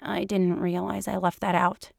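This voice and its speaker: A woman's voice: medium pitch, flat delivery, moderate pace, vocal fry, no echo, studio quality. A woman doing a mopey, sheepish male agent.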